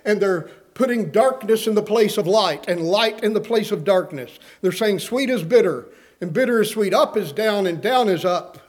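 A man's voice: high-pitched, lively intonation, normal speed. A man preaching a sermon, earnestly reading scripture aloud and putting questions to his listeners.

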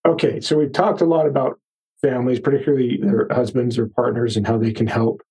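A man hosts a podcast interview in a somewhat husky voice. He sums up points and asks his questions in a measured, thoughtful way. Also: medium pitch, fairly even intonation, warm tone, poor audio. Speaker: podcast host.

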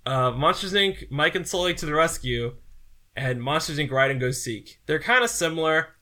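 Bright, animated joking podcast man. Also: on the high side, normal speed. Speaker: podcast co-host. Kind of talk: casual chat.

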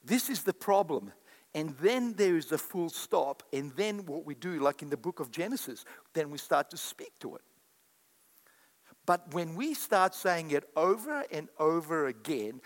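A man preaching a sermon to a congregation, acting out quoted voices and calling back to the crowd. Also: a little high. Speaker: pastor. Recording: echoey hall with long reverb.

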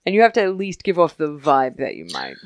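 Young woman podcaster, low voice, dry sound, acts out all the characters while she recaps. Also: dry recording. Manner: animated, acts out characters in quick voices, laughs often. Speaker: podcast co-host recapping a TV episode. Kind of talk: casual chat.

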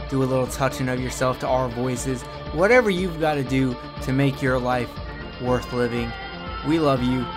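A man hosting a horror podcast, wrapping up with casual, rambling and crude joking talk. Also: medium pitch. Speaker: podcast host. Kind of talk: casual podcast outro chat.

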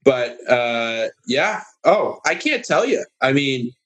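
A man telling a long story on a casual podcast, sarcastic and animated, jumping into high voices to mimic other people. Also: slow pace. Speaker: guest.

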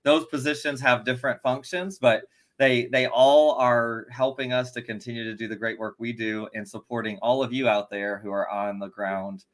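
A man with a mid-range voice co-hosts a casual podcast. He talks in a relaxed, easygoing way and leans on fillers. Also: mid-range voice, moderate pace. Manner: relaxed, many fillers like "you know". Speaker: co-host.

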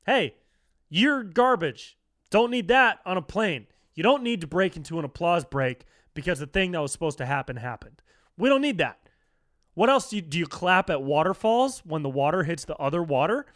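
Young dude ranting on his solo podcast, kinda high voice, swears a lot, fired up and jokey. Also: fairly quick, dry recording, clean studio sound. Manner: profane, animated, slangy, says dude and bro a lot. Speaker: podcast host. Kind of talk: solo comedic rant.

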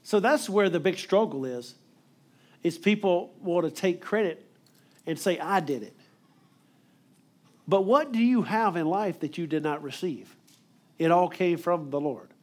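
Male preacher, slightly higher voice, emphatic, quick sermon delivery.

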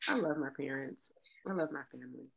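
A woman triathlete guest in a casual interview, animated and laughing easily. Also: a bass voice, fairly quick, gravelly, husky, highs cut off. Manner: animated, laughs easily, swings loud to soft.

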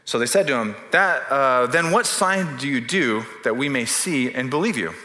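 A man's voice: mid-range voice, lively intonation, moderate pace, sharp tone. Joking man preaching in an echoey hall. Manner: humorous, conversational preaching with joking asides. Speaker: pastor. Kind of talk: sermon.

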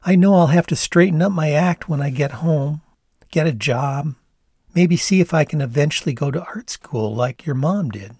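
Young Canadian woman stoner, put on by a man, laid-back, dreamy drawl, higher voice. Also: normal speed, a little mellow, husky, no echo, studio quality. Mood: easygoing.

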